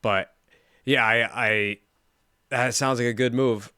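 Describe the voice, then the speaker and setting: Laid-back man with a smooth voice. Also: mid-range voice, steady tone, slow pace, pushed and bright, no room sound, studio quality. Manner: laid-back, swears casually, stammers a bit. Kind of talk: casual conversational chat.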